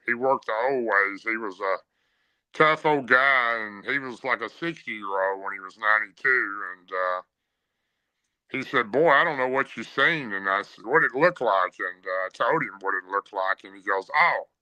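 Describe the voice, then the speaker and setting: Bright, crisp man telling a story. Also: mid-range voice, no room sound, poor audio. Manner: plain storyteller with frequent "uh" pauses. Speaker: podcast guest. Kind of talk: first-person encounter story.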